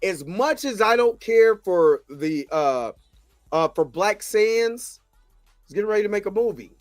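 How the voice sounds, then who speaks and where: A man's voice: high voice, expressive, measured pace, no echo, faint music behind. A man hosting his own show, ranting casually with lots of repetition. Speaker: show host. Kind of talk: casual commentary.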